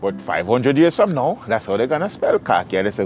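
A man's voice: medium pitch, very animated, fairly quick, few pauses, darkish tone, slight background noise. Playful man spelling words aloud. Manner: playful, laughs often, spells words out letter by letter. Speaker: podcast host. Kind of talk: casual chat.

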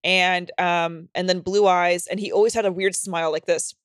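A woman co-hosting a podcast, telling a self-mocking story in an animated, profane casual way. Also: lowish voice, moderate pace, clean tone, no echo, clean studio sound. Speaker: podcast co-host.

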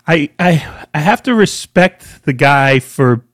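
A man co-hosting a casual chat, telling stories in an animated, profane way. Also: on the high side, slow, dry recording, clean studio sound. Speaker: podcast co-host.

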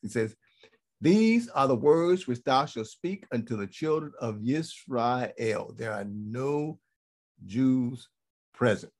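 A man's voice: medium pitch, expressive, slow pace, darkish tone. A man giving a Bible teaching sermon to a congregation. He repeats his points for emphasis and keeps checking in with "okay?".

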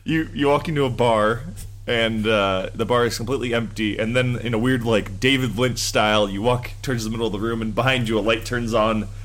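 A man's voice: mid-range voice, fairly even intonation, fairly quick, a bit bright. A man co-hosting a podcast, rambling through a casual chat with a laughing, sarcastic manner.

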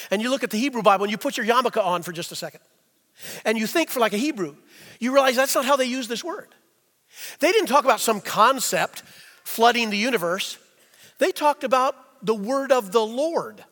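A man's voice: extremely high pitch, bright, forceful tone, big-room sound. A man preaching a sermon as pastor, teaching in a folksy way with rhetorical questions.

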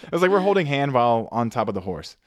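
Speaking fast in a medium-pitched voice, this podcast co-host swears a lot as he animatedly tells a story in casual chat. The studio sound is clean, with no room echo.

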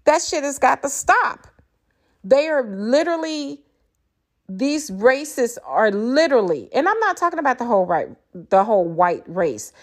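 A woman's voice: sits high, big pitch swings, normal speed. A woman with grown children and grandchildren, delivering an impassioned, blunt and profane solo monologue as a podcaster. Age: older. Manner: angry, blunt, profane ranting.

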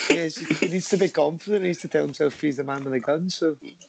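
Gravelly man, casual and sweary. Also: fairly high pitch, fast talker, crowd noise. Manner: swears casually, tags questions. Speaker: podcast co-host. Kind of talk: casual film review chat.

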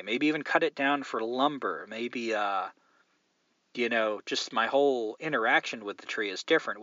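A man's voice: medium pitch, bright, forceful tone, no room sound, dull audio. A man hosting a podcast, musing aloud at length in a casual, rambling way with many fillers. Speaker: podcast host.

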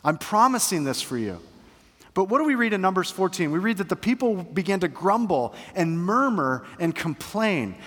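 A middle-aged male pastor preaching a sermon to his church, earnest and shifting between hushed and emphatic. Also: sits high, animated, normal speed, hardly any pauses. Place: church sanctuary. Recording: long hall reverb.

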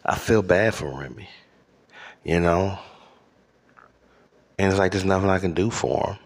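A man's voice: sits low, steady tone, a little slow. A man hosting a podcast, delivering a profane solo rant with exaggerated outrage and lots of fillers. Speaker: podcast host.

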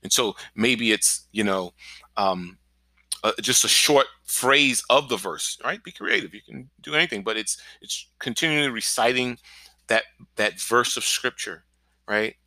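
A male pastor giving an encouraging podcast sermon, energetic and often checking in with "right?". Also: mid-range voice, unhurried, no room sound. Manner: energetic, keeps asking "right?".

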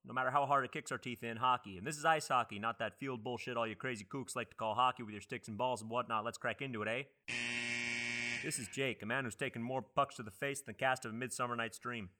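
A man's voice: mid-range voice, steady tone, fast talker, noisy background. A man hosting a comedy podcast, brashly roasting his co-hosts with jokes. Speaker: podcast host.

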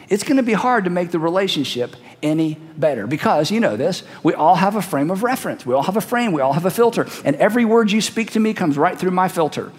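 A man's voice: sits high, in a large hall. A man preaching a sermon in a conversational, emphatic way, acting out quoted voices as he goes. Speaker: pastor.

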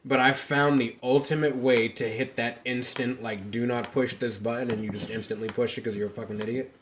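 A man's voice: mid-range voice, fairly quick, slight background noise. A man co-hosting a casual podcast, telling family stories with lots of swearing and acted-out quotes. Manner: animated storyteller, profane, acts out quotes. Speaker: podcast co-host.

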